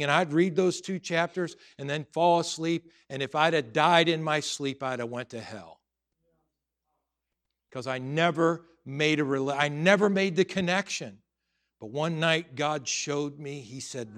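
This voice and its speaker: A man's voice: a little high, moderate pace, a bit bright. A middle-aged man preaching a sermon as pastor, telling personal stories earnestly with frequent restarts and building to emphatic exhortation.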